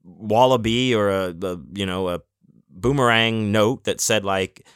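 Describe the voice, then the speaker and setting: Rambling low-voiced man hosting a podcast. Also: lively intonation, measured pace, fairly bright tone, smooth, no room sound, studio quality. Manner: rambling with many restarts and fillers; swears casually. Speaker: podcast host. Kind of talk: casual monologue.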